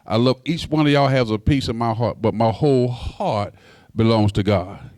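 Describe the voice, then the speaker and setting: A man in his sixties preaching a sermon as pastor, folksy and direct with the congregation, his voice climbing high on emphasis and stumbling over repeated words. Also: normal speed, a little mellow, no echo, clean studio sound. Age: 60s. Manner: folksy, talks straight to the congregation.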